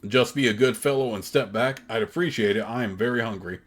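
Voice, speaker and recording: Man reads a huge cave giant from a video game, grumpy and hungry, blunt and gruff, mid-range pitch. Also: fairly quick, lightly acted. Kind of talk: reading a video game's dialogue aloud.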